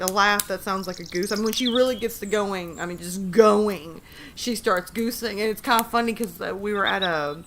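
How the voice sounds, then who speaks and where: A woman's voice: mid-range voice, noisy background. A woman hosting a casual livestream. She chats and giggles with her viewers as she reads short horror stories aloud. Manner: chatty, giggly, talks to chat. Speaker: livestream host.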